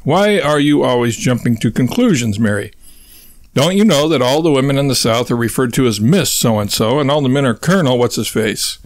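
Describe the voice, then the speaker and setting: A man's voice: mid-range voice, expressive, brisk, dry recording, close to an everyday voice. A man reading an audiobook, voicing a fussy, pompous husband who lectures in florid words, in a dry recording. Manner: long-winded, lecturing, florid wording.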